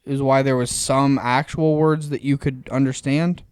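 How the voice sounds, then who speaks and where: A man's voice: medium pitch, steady tone, normal speed, darkish tone, smooth, no room sound, clean studio sound. A man co-hosting a podcast, arguing back in casual chat with an exasperated, teasing manner. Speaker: podcast co-host.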